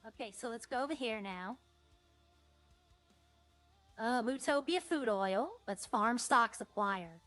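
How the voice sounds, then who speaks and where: A woman plays a roleplay game on stream, chatting loosely, rambling, and trailing off before starting again. Her voice is on the high side and fairly bright, with lively intonation, and she talks slowly with frequent pauses over faint background music.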